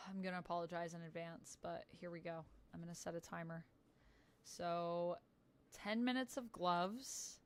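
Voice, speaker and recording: A woman's voice: fairly low pitch, steady tone, a little slow, clear, resonant tone. A woman in her thirties chatting casually on a livestream, upbeat and reading out viewer messages. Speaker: streamer.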